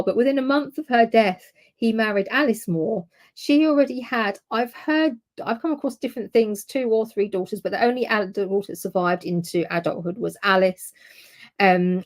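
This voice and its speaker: A woman co-hosting a history podcast, talking through her notes in a chatty, informal way and often correcting herself. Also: medium pitch. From United Kingdom. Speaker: podcast co-host presenting the topic. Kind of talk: casual history podcast chat.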